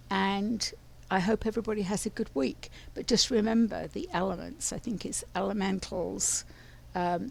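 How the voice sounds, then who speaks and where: An older woman with a London English accent talks her way through a spiritual message, wandering from thought to thought with many ums and restarts. Her voice has a gravelly fry running through it, sitting at an ordinary pitch for a woman. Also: darkish tone, slight background noise. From London, England. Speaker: spiritual channeler. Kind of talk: rambling spiritual talk.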